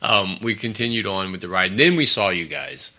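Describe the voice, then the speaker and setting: A man's voice: sits low, lively intonation, moderate pace, bright, forceful tone. A man co-hosting a podcast in casual chat, telling a rambling story with frequent laughs. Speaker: podcast co-host.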